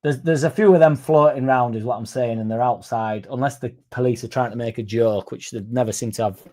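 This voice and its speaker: A man co-hosts a casual chat at an average pitch. He rambles and loses the thread, makes fun of himself and swears without thinking. He comes across loose and down to earth. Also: steady tone, a little fast, warm tone. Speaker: podcast co-host.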